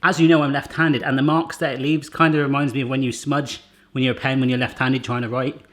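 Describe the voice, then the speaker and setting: A man's voice: mid-range voice, level tone, fast, fairly bright tone. A man hosting a casual cooking demonstration in a home kitchen, chatty and jokey, with rambling asides. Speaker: cooking channel host.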